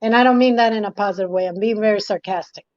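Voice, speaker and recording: A woman's voice: medium pitch, fast talker, a little mellow, dry recording, dull audio. A woman hosting a talk show who speaks emphatically, repeating herself when indignant. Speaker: host. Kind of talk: live call-in talk show.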